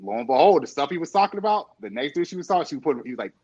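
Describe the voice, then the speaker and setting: A man in casual chat, telling an animated story full of quoted dialogue and laughter. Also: a little high, rapid-fire, slightly rough, dull audio.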